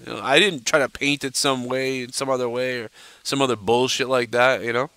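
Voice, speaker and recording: A man hosts a live stream, rambling and cursing freely with constant fillers. His voice is bright and forceful, smooth and clear. The sound is dry and close to the mic. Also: medium pitch, steady tone, a little fast, no room sound. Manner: profane, rambling, lots of "you know". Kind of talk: casual live-stream rant.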